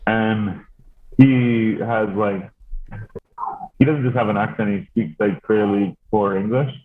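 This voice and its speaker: A man's voice: on the low side, steady tone, slow. A man from Canada, a podcast host telling a story in casual chat, rambling with lots of fillers and swearing. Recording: tinny phone-like sound.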